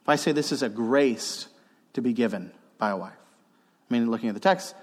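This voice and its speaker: A man's voice: medium pitch, fairly quick, big-room sound. A man preaching a sermon as pastor, earnest and emphatic, repeating key phrases to drive them home. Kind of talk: expository sermon.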